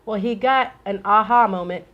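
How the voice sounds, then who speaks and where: Chatty woman telling a lively story. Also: medium pitch, normal speed, dull audio. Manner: animated storyteller, acts out dialogue. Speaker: co-host. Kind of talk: casual chat.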